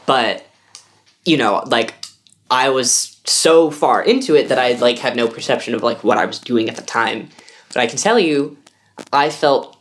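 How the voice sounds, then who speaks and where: A young woman co-hosts a casual podcast. She chats loosely and throws in quick sarcastic quips. Her tone stays informal throughout. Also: extremely low pitch. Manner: quick sarcastic quips between listening noises. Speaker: podcast co-host.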